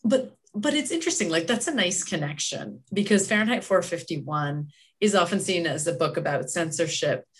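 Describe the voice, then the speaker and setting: A woman who is a book club regular, explaining her thoughts in a calm, considered way. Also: fairly low pitch, normal speed, hardly any pauses, husky. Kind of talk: casual book club chat.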